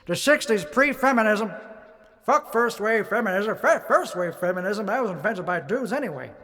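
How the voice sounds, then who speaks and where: A man's voice: high voice, expressive, moderate pace, a bit bright, in a large hall. A young man giving a brash, profane, rambling comic rant at a karaoke night. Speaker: comedian. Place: karaoke bar.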